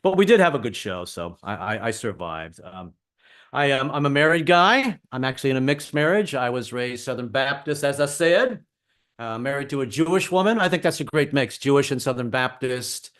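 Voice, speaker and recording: A man's voice: mid-range voice, expressive, normal speed, a bit bright. A middle-aged man doing a stand-up comedy set, wry and self-deprecating.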